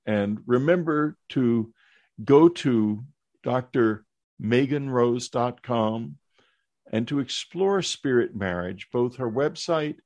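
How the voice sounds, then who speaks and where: An older man hosting an interview podcast, speaking in a measured, earnest way. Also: mid-range voice, a little mellow, dry recording. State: hiccups. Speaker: podcast host.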